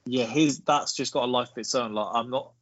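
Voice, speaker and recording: A man co-hosting a casual film podcast, explaining his points in a measured way and leading with trivia. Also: medium pitch, dull audio, noisy background. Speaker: podcast co-host.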